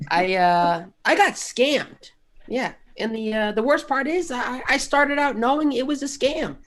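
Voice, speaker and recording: A man doing a self-deprecating stand-up bit at an open mic, telling a story in a deadpan way. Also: very high voice, unhurried. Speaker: stand-up comedian.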